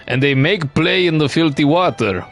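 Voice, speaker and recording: A man doing a gruff Russian-accented bug brewer. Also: on the high side, lively intonation, normal speed, a bit bright, faint music behind. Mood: grumbling. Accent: put-on Russian. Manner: broken English, gruff and hearty. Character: hearty bug brewer man with broken speech.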